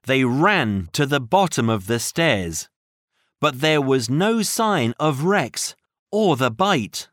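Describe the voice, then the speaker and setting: A narrator reading a children's audiobook with slow, expressive storytelling. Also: medium pitch, dry recording, studio quality.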